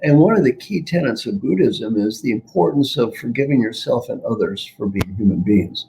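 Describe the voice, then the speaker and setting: A man's voice: mid-range voice, lively intonation, normal speed, gravelly, dark tone, slight background noise, rough recording. An older man, a guest coach, talking reflectively in an interview and repeating key phrases for emphasis. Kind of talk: reflective interview talk with storytelling.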